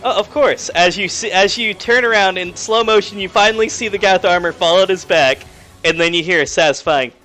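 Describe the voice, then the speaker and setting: A man's voice: sits high, fairly quick, pushed and bright, soft background music. A young man narrating playfully as game master of a tabletop game.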